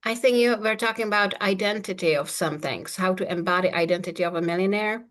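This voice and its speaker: A woman's voice: mid-range voice, fairly quick, fairly bright tone. Confident woman coach, playful and assured. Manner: confident, playful, laughs often. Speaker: manifestation coach. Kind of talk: casual coaching chat.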